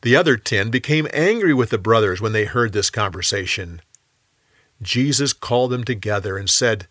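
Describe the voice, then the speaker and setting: A man narrating a Bible story in a calm, expressive storytelling manner. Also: fairly low pitch, normal speed, no room sound, studio quality.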